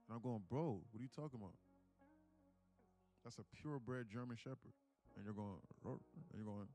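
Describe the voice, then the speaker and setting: Gravelly low-voiced man on a live trading stream. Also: fairly quick, faint music behind. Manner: rambling, animated with mock dialogue. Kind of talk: casual live-stream chat.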